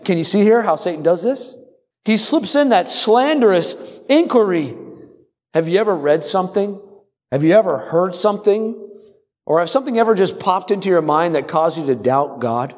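A man with a high voice preaches an animated sermon, calling on his congregation to join in. His words carry a long reverb from the hall around him. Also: normal speed. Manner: animated, calls on the congregation to respond. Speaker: pastor.

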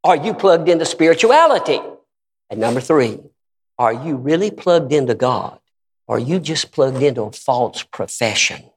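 A man preaching a fervent sermon in a large hall. He bursts into shouted praise and repeats emphatic questions to his listeners. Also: mid-range voice, big pitch swings, moderate pace. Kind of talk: revival sermon. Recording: long reverb of a large hall.

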